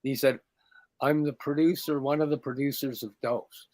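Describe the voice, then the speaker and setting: A man's voice: mid-range voice, normal speed, dry recording. A middle-aged man co-hosting a podcast, telling a story in casual chat and acting out the quoted lines with a raised voice. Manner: animated, acts out quoted dialogue in a raised voice. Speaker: podcast co-host.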